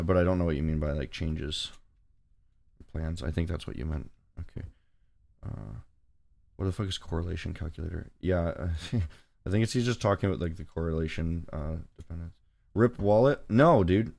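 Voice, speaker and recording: A man hosting a trading livestream talks casually and jokes, using plain, choppy phrases. He's a forex trader whose low, darkish voice is creaky and moves at normal speed.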